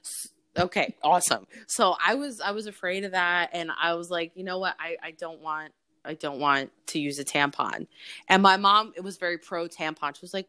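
A woman's voice: fairly low pitch, fairly quick, sharp tone, smooth, no room sound. A woman in her forties, talking as an interview guest and telling personal stories in a candid, frank way, swearing freely and laughing often. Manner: candid, frank and profane, with frequent laughs and fillers. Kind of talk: casual interview storytelling.

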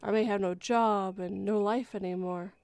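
A woman hosting a livestream, reading a horror story aloud in a relaxed way and often correcting herself. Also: mid-range voice, moderate pace, creaky, smooth. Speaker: story reader and livestream host.

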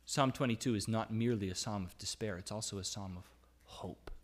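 A man's voice: lowish voice, a little fast. A man preaching a sermon in a conversational way, reading scripture aloud and asking questions of his listeners. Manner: reads scripture aloud, rising to emphatic cries. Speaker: pastor.

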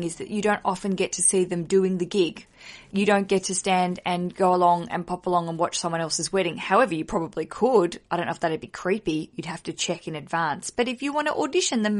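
A candid woman in her thirties talks casually on a podcast. She swears freely and chats easily, and her voice climbs higher when a point excites her. Her pitch sits in the middle range for a woman. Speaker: podcast co-host. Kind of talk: casual chat.

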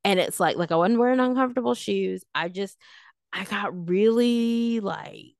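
A young woman co-hosting a podcast, talking casually in a rambling, animated way and acting out what people said. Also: medium pitch, normal speed, creaky, dry recording, studio quality. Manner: rambling, animated, acts out quoted voices. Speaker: podcast co-host. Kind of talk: casual chat.

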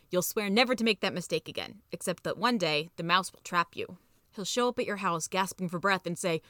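A woman reading a storybook aloud as host, playful and expressive. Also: on the low side, a little fast, dry recording, clean studio sound. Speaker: reader and narrator. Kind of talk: scripted storybook narration.

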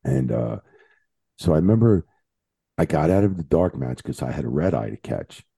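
A man guesting on a podcast, telling road stories in a casual, profane, animated way. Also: low-pitched, moderate pace, vocal fry, husky, no echo. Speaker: guest, veteran wrestling referee.

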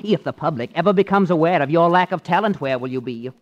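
An actor playing a fussy, snobbish brother-in-law with a prissy, affected way of talking, in 1940s radio comedy. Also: male voice, a little high, expressive, fast, dull audio, natural voice. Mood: condescending.

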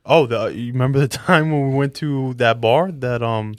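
A man's voice: medium pitch, moderate pace, no echo, clean studio sound. A young man with a New York accent, co-hosting a casual podcast with a laid-back, agreeable manner. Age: young adult. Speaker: podcast co-host. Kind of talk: casual chat.

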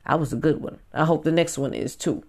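A woman's voice: low-pitched, a little fast. Profane, rambling woman in her thirties. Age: 30s. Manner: profane, animated, swings between loud outbursts and muttered whispers. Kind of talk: casual rant to camera.

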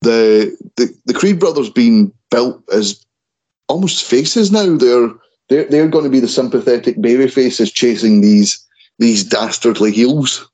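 A man's voice: mid-range voice, animated, a little slow, dark tone, poor audio. A man co-hosting a wrestling chat show in a casual way, often stumbling and restarting over names. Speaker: wrestling podcast co-host.

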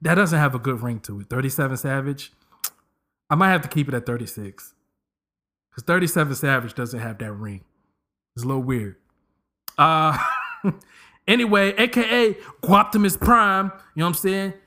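A man's voice: fairly high pitch, normal speed, long pauses. A man in his thirties hosting a podcast, giving a comedic casual monologue and slipping into voices as he jokes. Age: 30s. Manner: animated, joking, slips into voices. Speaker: podcast host.

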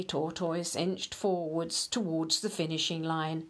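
Speaking straight to the children, this woman reads a storybook at a calm, gentle pace. Her voice sits in the mid range.

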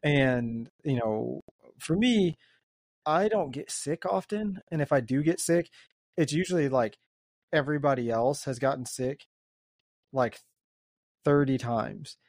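A man with a medium-pitched voice hosts a laid-back podcast conversation. He rambles a little, laughs easily and keeps things relaxed. The sound is dry and close to the mic. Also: a little slow, long pauses, no echo. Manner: rambling, easygoing, laughs often. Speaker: podcast host. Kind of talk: casual chat.

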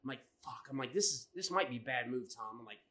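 Co-hosting a laid-back podcast, a fast-talking man with a medium-pitched voice spins a profane, animated story. He plays the other characters himself as he goes.

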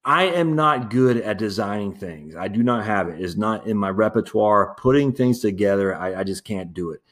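Male podcast host, lowish voice, casual, candid solo rambling with fillers and light chuckles. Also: moderate pace. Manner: rambling and candid, with many fillers and restarts, calling listeners "my friends"; laughs easily while talking.

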